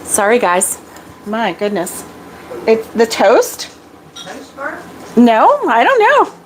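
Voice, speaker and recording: A woman's voice: on the high side, huge pitch swings, slow pace, slight background noise. A middle-aged woman hosting a casual live stream from her kitchen at home, chatting in a rambling way with lots of fillers.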